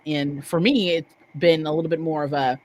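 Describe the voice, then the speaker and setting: A woman co-hosting a podcast in casual chat, animated and thinking aloud with rhetorical questions. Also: low voice, normal speed, a little hiss or hum, poor audio. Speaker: podcast co-host.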